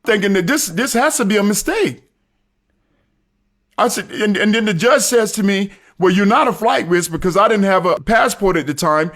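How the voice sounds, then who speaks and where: A man with a high voice tells his story in a casual way. He is earnest and keeps repeating his main points for emphasis. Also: lively intonation, moderate pace, fairly bright tone. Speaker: storyteller recounting his arrest.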